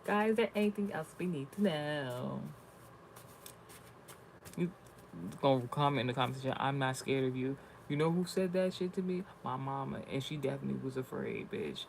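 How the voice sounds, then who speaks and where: Gravelly guy with a kinda high voice, cussing and rambling thru a reading vlog. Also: moderate pace, slight background noise, low-quality recording. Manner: blunt, cursing, rambling storytelling. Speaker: spiritual reading vlogger. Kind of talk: profane casual rant vlog.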